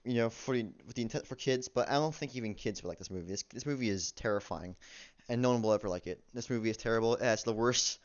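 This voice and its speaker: A man rambles through a casual, profane amateur movie review, halting often and restarting his sentences. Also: mid-range voice. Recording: dull lo-fi recording.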